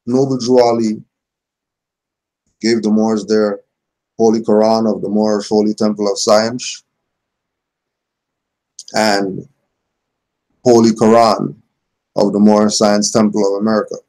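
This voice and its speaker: A man's voice: fairly low pitch, little pitch movement, measured pace, pauses often, a little mellow. A man giving a casual religious teaching, reading passages aloud and then explaining them in everyday speech. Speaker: spiritual teacher.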